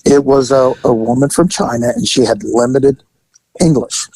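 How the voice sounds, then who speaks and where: A man telling a comic crime story in a rambling, animated way, acting out the people in it. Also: medium pitch, moderate pace, noisy background. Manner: animated, rambling, acts out every line. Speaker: guest storyteller.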